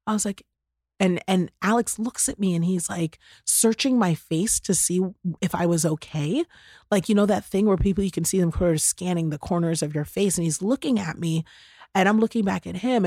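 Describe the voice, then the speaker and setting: Lively, low-voiced woman podcast host. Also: moderate pace, no room sound, studio quality. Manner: animated storytelling, full of "y'all" and "like". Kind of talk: casual chat.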